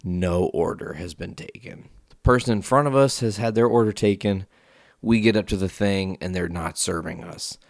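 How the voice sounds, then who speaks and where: A man hosting his own podcast, telling a story in a casual, profane, ranting way that jumps up in pitch when he gets worked up. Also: normal speed, vocal fry, no room sound, studio quality. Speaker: podcast host.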